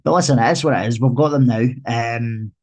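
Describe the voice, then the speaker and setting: A man's voice: medium pitch, a little fast. A Scottish man co-hosting a casual football podcast, telling anecdotes in an easygoing way. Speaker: podcast co-host.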